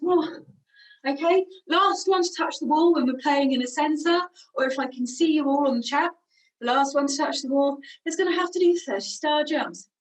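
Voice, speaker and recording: A woman with a British accent and a high voice leads an energetic warm-up game, walking around the room as she calls out moves. She sounds slightly out of breath, and her voice is picked up from a distance from the mic. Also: normal speed. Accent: British English. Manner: energetic, moving around while instructing. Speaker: singing workshop leader. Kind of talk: leading a warm-up game over video.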